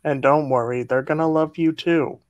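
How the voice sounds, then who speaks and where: A woman's voice: low-pitched, fairly even intonation, normal speed, darkish tone, dry recording, natural voice. A woman voicing a spirited young princess wife in a fan dub, patient and coaxing. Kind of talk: fan dub of an animated film.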